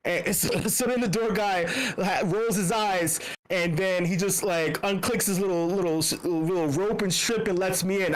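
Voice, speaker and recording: A man's voice: sits high, normal speed, few pauses, rough recording. A man hosting a meetup in a voice channel, telling a rambling, profane story, laughing often and sick with a cough. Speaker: meetup host.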